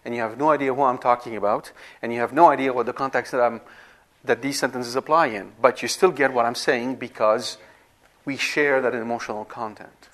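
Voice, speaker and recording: A man giving a classroom lecture on scripture, at a middle pitch. He explains step by step and stops now and then to make sure the students follow. His delivery is unscripted and conversational, with small restarts. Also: steady tone, brisk, fairly bright tone. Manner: explanatory, repeats himself with frequent "right?" checks and restarts. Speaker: Bible teacher.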